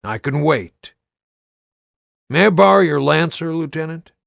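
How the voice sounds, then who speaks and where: A man reading an audiobook, voicing a gruff, weary older army officer with a slow, gravelly delivery. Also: fairly high pitch, animated, fairly bright tone, dry recording, voice pushed up, heavily acted.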